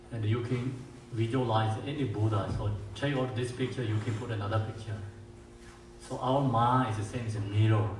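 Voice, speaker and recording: A man with as his language gives a dharma teaching as a Buddhist teacher. He talks haltingly, with many fillers and restarts, and slows down to chant mantras. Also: lowish voice. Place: meditation centre hall. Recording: echoey room, mic far off, faint hiss.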